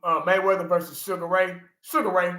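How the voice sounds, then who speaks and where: Guy in his 40s rambling on a stream, high voice, echoey room, laughing a lot. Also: a little fast. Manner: animated storyteller, laughs often, talks to chat by name. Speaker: livestream host. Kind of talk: casual livestream chat.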